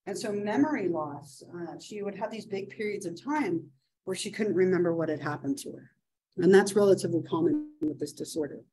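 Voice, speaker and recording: A woman's voice: lowish voice, a little fast, warm tone, a little hiss or hum, rough recording. Chatty woman teaching with a story. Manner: chatty, many fillers and "right?" asides. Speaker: psychology instructor. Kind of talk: classroom storytelling lecture.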